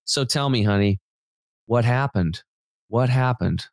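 A man quoting a kind, motherly female massage therapist in a gentle, slightly raised voice. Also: medium pitch, a little slow, dry recording, clean studio sound, close to an everyday voice. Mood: warm, curious.

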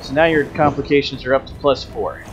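A man running a tabletop role-playing game as game master, briskly explaining rules and teasing the players. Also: mid-range voice, steady tone, soft background music, poor audio.

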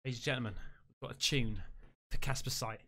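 A man, reacting excitedly on a live stream. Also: mid-range voice, fast. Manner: excitable, exclaiming.

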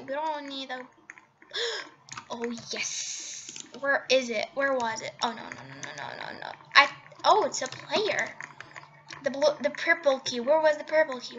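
A woman giving casual, excitable commentary while playing a game, gasping and laughing at her own mistakes. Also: high-pitched, muffled recording, a little hiss or hum. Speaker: gaming channel host.

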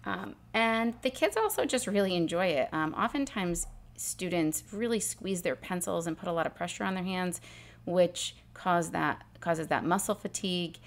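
A woman teacher calmly explaining a spelling exercise step by step, sounding out letters and sounds as she goes. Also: fairly low pitch, normal speed. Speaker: literacy teacher. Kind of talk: instructional demonstration.

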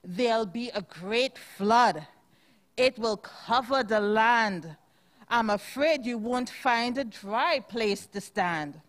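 Wise old Noah, calm and patient, speaks in a slow, measured storybook rhythm, as a woman reading aloud puts him on. The voice sits fairly high and unhurried. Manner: slow, steady rhyming read-aloud.

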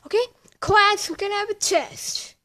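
A woman's voice: very high-pitched, moderate pace, bright, forceful tone. A young woman doing playful childlike voices in a homemade play, shifting between several characters.

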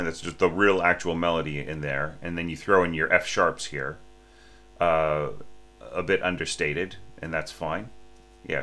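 Man, orchestration teacher, very low voice, bright and forceful edge, sleepy, halting, faint mains hum. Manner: halting, many restarts and rhetorical "right?" checks; sings and breathes examples of phrasing. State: a little sleepy. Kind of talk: spoken score critique.

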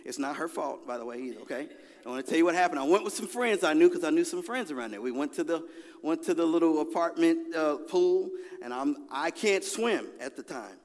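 A man, preaching a lively, conversational sermon with call-and-response and a personal story in a large church. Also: on the high side, fairly quick. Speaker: pastor. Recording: long hall reverb.

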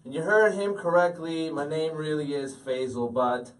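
A man's voice: fairly high pitch, normal speed. A man in his late thirties doing a stand-up comedy set, self-deprecating and punchy. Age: 30s. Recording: stage audio from a distant mic.

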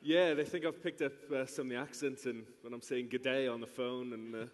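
A man from Wales with a Welsh accent, a rugby player answering on stage in a good-humoured, relaxed way. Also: mid-range voice, brisk. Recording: long reverb in a big hall.

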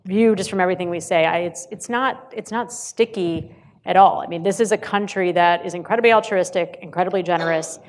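A woman speaking as a panelist on research findings, thoughtful and measured, building on the others' points. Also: lowish voice. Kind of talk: panel discussion. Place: hotel ballroom.

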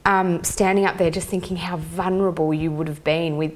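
A woman hosting a casual interview, her voice sitting fairly low. She speaks effusively, stopping and restarting with lots of fillers. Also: fairly even intonation, brisk.

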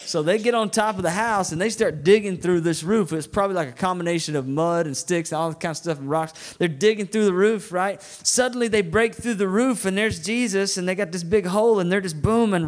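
Male guest preacher with a Southern accent. Slightly higher voice, folksy, talks to the room. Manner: conversational, often asks "right?". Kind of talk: sermon.

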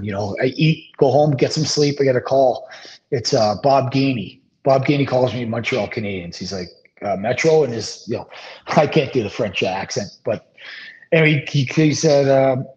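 A man's voice: medium pitch, normal speed. A man, a former pro hockey player, telling a long anecdote as a guest, loose and rambling, full of ums and restarts. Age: 30s. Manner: rambling, relaxed anecdotes with many fillers. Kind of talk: casual storytelling interview. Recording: slightly dull lo-fi sound.

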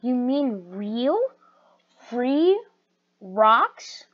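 A woman's voice: a little high, big pitch swings, drawn-out words, dry recording, full character voice. A woman voicing a gullible, greedy young man who sounds eager and whiny. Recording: muffled lo-fi recording.

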